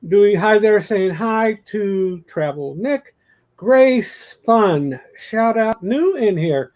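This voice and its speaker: A man's voice: high-pitched, expressive, takes it slowly, darkish tone. Joking male livestream host from Chicago. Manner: jokey, teasing banter. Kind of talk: casual chat.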